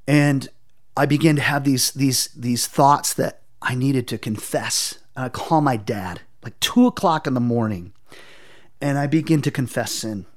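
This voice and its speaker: A man telling a personal testimony in an interview, earnest and intense, often halting and repeating words as he searches for them. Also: mid-range voice. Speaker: interview guest.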